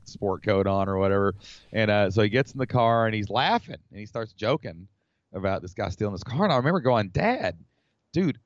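A man from the United States, a podcast guest, telling a personal story in an animated, rambling way with lots of fillers. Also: fairly low pitch, dry recording. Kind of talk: casual storytelling. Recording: slightly dull dry recording.

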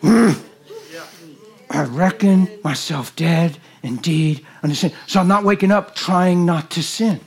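A man preaching a sermon in a church, animated and jokey, swinging from loud bursts to hushed lines. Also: a little high, unhurried, husky. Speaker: guest preacher.

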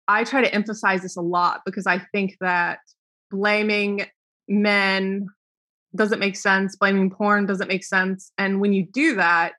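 A woman's voice: mid-range voice, fairly bright tone. A young woman talking as a podcast guest in a chatty, casual way, laughing often and acting out what other people said. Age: young adult. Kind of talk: casual interview talk.

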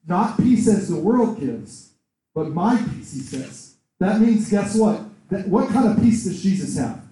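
A man preaching a sermon in a conversational, animated way, acting out quoted voices. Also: sits high, a little slow. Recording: echoey room, far from the mic.

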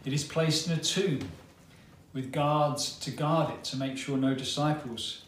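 Preaching a sermon, a man tells a story dramatically, speaking very slowly and deliberately with long pauses. His slightly high voice rings from a distance through a roomy church hall, with faint ambient sound and slight background noise behind it.

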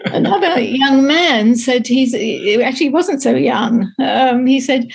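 Woman, film critic, wry and chatty, husky, slightly high. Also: lively intonation, unhurried. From abroad, two countries outside America. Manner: wry, amused, chatty with laughs. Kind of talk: casual radio chat.

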